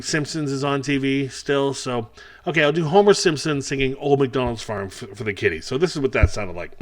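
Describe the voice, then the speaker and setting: A middle-aged man talks through a rambling, self-deprecating stand-up set. His delivery is wry and casual, and his voice sits at an ordinary pitch for a man. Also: fairly quick. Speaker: stand-up comedian. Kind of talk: stand-up set for a virtual festival.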